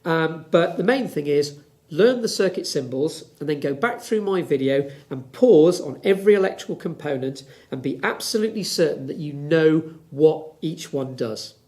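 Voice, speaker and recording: A middle-aged man with a slightly high voice gives a physics lesson at home. He talks in a chatty way and walks through each idea step by step as he shows it. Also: lively intonation, moderate pace, a little mellow. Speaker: physics teacher.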